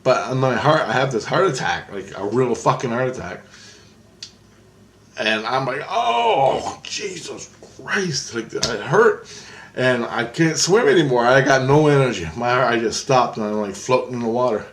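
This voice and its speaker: A male vlogger casually tells a story, excitable and profane, raising his voice whenever he quotes other people. His voice is mid-range at a normal speed, with slight background noise present.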